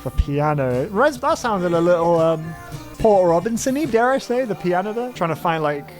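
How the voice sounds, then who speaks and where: A young man reacting to an album in casual, excitable talk, full of slang, "like" and "man". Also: sits high, normal speed, over music. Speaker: music reviewer. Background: album playing faintly.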